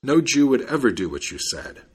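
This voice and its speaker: A man's voice: medium pitch, very animated, fairly quick, breathy edge. A man voicing a stern male judge who speaks dismissively.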